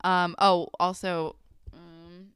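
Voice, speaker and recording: Young woman, lower clear voice, chatty, casual swearing, dry close sound. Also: flat delivery, very slow, fairly bright tone, dry recording. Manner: chatty, swears casually, lots of likes and ums. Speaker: podcast co-host. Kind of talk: casual chat recapping a TV episode.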